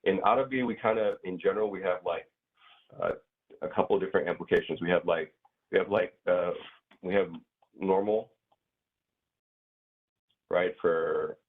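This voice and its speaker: Low-voiced man teaching, tinny line. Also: moderate pace, pauses often, slightly rough. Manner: hesitant, many fillers and restarts. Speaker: grammar teacher. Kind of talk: casual online class explanation.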